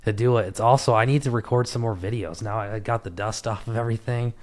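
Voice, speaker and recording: A man, a trial lawyer, talking in a relaxed, self-deprecating way on a casual podcast. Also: on the low side, fast talker.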